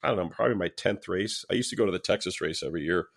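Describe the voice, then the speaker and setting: A man's voice: low voice, very fast, vocal fry. A man, a former police officer, telling a story in a casual podcast interview, swearing freely and acting out what people said. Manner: animated, swears freely, acts out quoted lines.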